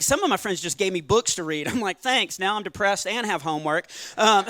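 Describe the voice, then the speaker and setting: A middle-aged male comedian with a high, bright voice works a church stage through a handheld mic. He swings between sincere faith talk and quick self-mocking jokes, chuckling at his own lines. The sound is close and dry. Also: no echo. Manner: earnest then playful, quick asides, laughs at own jokes. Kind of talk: stand-up comedy with faith testimony. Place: church stage before a live audience.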